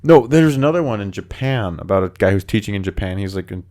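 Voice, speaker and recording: Low-voiced man telling spooky stories casually. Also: fast talker. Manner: animated, acts out quoted voices, lots of filler words. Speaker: podcast host. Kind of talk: casual storytelling chat.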